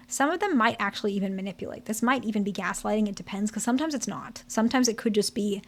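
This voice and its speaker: A woman therapist giving relationship advice to her viewers, speaking frankly and often checking in with "okay?" and "right?". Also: fairly high pitch. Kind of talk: relationship advice talk to camera.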